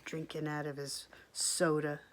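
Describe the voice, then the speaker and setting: Slow, expressive woman reading a picture book. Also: deep voice, slight background noise. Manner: expressive, gasps and asks the listener questions. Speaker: teacher reading aloud. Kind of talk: picture-book read-aloud for children.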